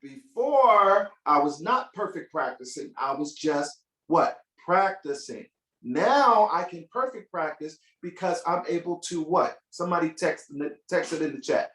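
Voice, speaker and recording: Playful high man, echoey distant audio. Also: measured pace. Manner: playful and expressive, acts out scenes and asks the audience questions. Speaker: musician teaching kids. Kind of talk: animated storytelling workshop. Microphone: video call. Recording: echoey room audio from far off. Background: piano music.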